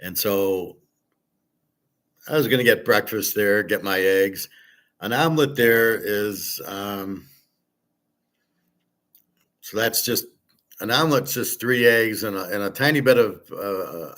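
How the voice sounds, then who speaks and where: Blunt, low-voiced man ranting casually. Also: a little slow, pauses often. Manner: blunt, opinionated, swears casually; rambling with fillers, trails off quietly. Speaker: host. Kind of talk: casual monologue.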